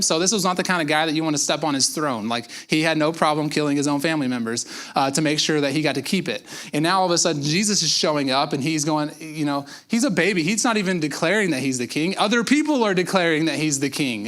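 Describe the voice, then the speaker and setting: A man's voice: fairly high pitch, a bit bright. A man pastor giving a conversational sermon, acting out quotes and repeating words for emphasis. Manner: conversational preaching with acted-out quotes and repetitions.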